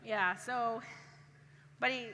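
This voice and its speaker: A woman's voice: fairly high pitch, fairly even intonation, slow, pushed and bright. A woman speaking to an audience at a live event, telling a humorous personal story and laughing often as she goes. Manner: chatty, laughs often through her story. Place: large event hall. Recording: reverberant hall with faint background noise.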